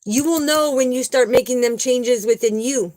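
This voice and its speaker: A woman's high-sitting, slightly mellow voice moves at a normal speed on a low-quality recording. She's a spiritual vlogger whose casual, emphatic talk tells a personal story earnestly, with lots of repetition for emphasis.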